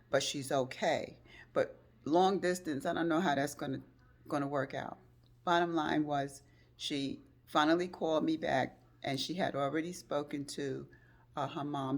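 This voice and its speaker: An older woman telling a personal story in a vlog, her voice rising sharply as she re-enacts phone calls. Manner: emotional retelling, acts out phone calls in a high excited voice. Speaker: vlogger.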